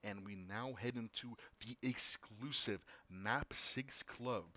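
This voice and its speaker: A man casting an esports match, excitable, often repeating and restarting words, his voice getting worn. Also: medium pitch, slow. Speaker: esports caster. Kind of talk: casual esports commentary.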